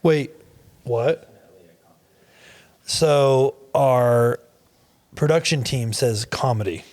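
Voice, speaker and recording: A male podcast host chatting casually with his co-host. He keeps things upbeat and teasing, at an ordinary mid pitch. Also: extremely slow, a little mellow, dry recording. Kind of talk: casual banter.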